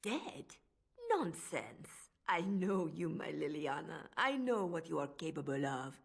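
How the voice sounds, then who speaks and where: A woman's voice: deep voice, animated, unhurried, vocal fry, slightly rough, full character voice. An actress with a French accent voicing a cold, manipulative woman spymistress in a video game, speaking in a silky, menacing way.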